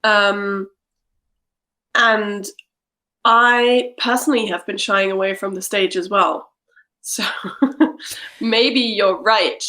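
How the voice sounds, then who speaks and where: A woman's voice: medium pitch, fairly even intonation, takes it slowly, long pauses, pushed and bright. Woman co-host, singer-songwriter, reflective casual chat, mid-range voice. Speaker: podcast co-host.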